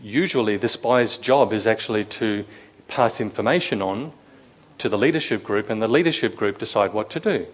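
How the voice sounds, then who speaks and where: A man's voice: lowish voice, moderate pace. A man preaching to a room full of listeners in an easygoing, conversational way. He keeps putting questions to the room and acts out quoted lines with a raised voice. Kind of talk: sermon. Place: room with a live audience.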